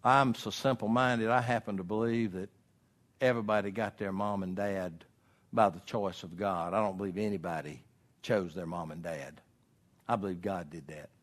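A middle-aged man preaching a homespun sermon. He moves between quiet asides and loud, drawn-out emphatic lines. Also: fairly low pitch, fairly even intonation. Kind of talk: folksy sermon.

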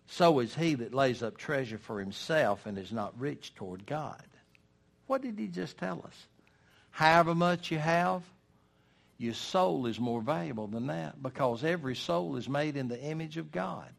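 An older man preaching a sermon in a folksy, emphatic way, with dramatic pauses. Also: on the high side, lively intonation, vocal fry.

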